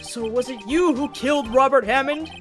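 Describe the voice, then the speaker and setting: A woman's voice: high voice, moderate pace, soft background music, lightly acted. A woman voicing a stern older male judge in a courtroom game read-along, formal and commanding.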